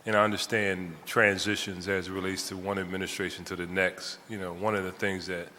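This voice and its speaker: A deep-voiced man with a bright tone presses a witness at a council hearing. He interrupts and circles back over his points. His voice rings with long hall reverb over a faint hiss. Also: level tone, a little fast. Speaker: city council member questioning a witness. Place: city council hearing chamber.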